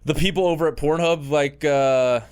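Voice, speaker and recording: A man's voice: a little high, steady tone, normal speed, clean tone. A man co-hosting a podcast, rambling and joking in casual chat with many restarts. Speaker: podcast co-host.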